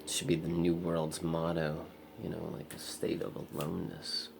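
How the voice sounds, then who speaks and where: A man's voice: sits low, completely flat delivery, normal speed, creaky, noisy background. A young man in a raw personal vlog, rambling and swearing in frustration. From America. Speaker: vlogger.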